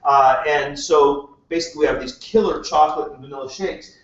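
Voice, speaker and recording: High-voiced man pitching to a live room. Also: fairly quick. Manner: joking, chatty, asks the crowd questions. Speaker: presenter at a live business meeting. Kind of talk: casual sales pitch to a live audience. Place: meeting room with a live audience. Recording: echoey room, distant mic, dull sound.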